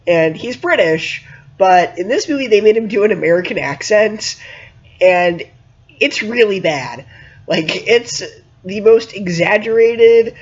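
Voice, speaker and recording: A man giving a casual spoken movie review, animated and emphatic, with many fillers. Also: high-pitched, dull audio.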